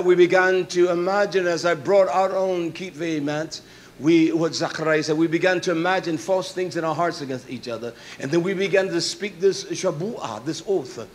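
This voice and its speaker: A man preaching a sermon, emphatic, rising to shouts and dropping to soft asides. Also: sits high, slight background noise.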